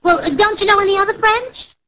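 A woman's voice: very high voice, fast. A woman playing a cheerful, scatterbrained wife in an old radio comedy, with a lilting delivery. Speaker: comedy co-host. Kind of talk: 1940s radio acting. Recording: hissy old radio broadcast.

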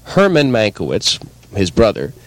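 A man reading an anecdote aloud in a measured storytelling way during a comedy show. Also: on the low side, huge pitch swings, low-quality recording. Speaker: comedy troupe member.

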